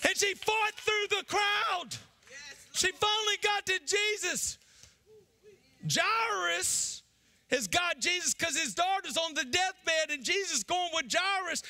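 A man preaching a sermon as pastor. He shouts in bursts, drops low, and acts out the people in the story.

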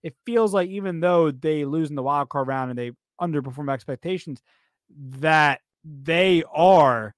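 Animated, rambling male sports podcaster. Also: on the high side, a little slow, no echo, clean studio sound. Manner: animated, rambling, repeats himself. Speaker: podcast co-host. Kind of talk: casual sports chat.

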